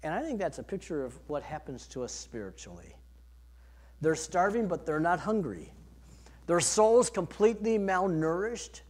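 A man preaching a sermon, earnest, rising to emphatic peaks and then dropping soft. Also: a little high. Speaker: pastor.

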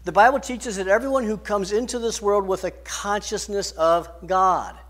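A man preaching a sermon, emphatic, rising and falling in loudness and pace. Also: high voice, moderate pace. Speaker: pastor.

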